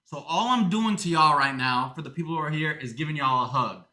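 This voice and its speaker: A man's voice: a little high, fairly quick, sharp tone. A man livestreaming in casual talk, swearing often and ranting, moving between jokes and earnest thanks to supporters.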